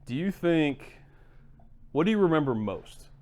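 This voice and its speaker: A man's voice: a little high, sing-song, unhurried, darkish tone. A man hosting a sports coaching podcast who talks conversationally and reflects on competition with frequent fillers. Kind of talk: casual podcast chat.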